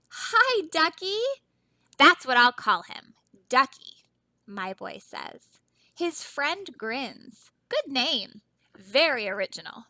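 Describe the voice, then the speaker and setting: A female teacher reads a picture book aloud to young children, her storytelling voice soft, expressive and fairly high. She often pauses to ask her listeners questions. The low-quality recording has no echo.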